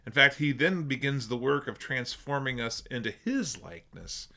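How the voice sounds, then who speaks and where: A man preaching a sermon as pastor, earnest and emphatic, slowing down on stressed phrases. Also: medium pitch, animated, gravelly, pushed and bright.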